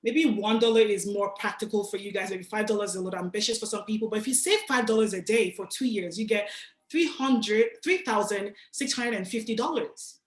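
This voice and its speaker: A young woman from Nigeria giving a casual, animated motivational talk to an audience, speaking directly and with slang. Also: mid-range voice, a little fast, reverberant. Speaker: guest speaker.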